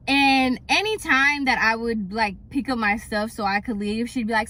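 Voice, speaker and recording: A young woman tells a storytime with exasperation, full of "like" as she rants. Her voice sits a little high and sounds bright and sharp. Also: moderate pace, few pauses. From Puerto Rican heritage. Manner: exasperated, animated retelling with frequent "like". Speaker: hairstylist and storytime vlogger. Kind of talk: casual storytime rant.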